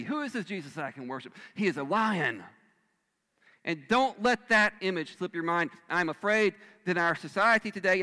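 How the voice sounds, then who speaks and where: Emphatic male preacher in a reverberant hall. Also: medium pitch. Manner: emphatic, swinging between loud bursts and hushed lines. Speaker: pastor. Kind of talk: sermon. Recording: long reverb of a large hall.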